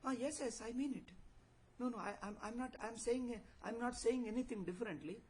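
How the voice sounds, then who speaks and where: A man's voice: high-pitched, expressive, fairly quick, slight background noise. A man putting on a flustered, muddled fellow. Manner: insistent, flustered, repeating himself. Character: muddled man who insists he is eternal but fears death.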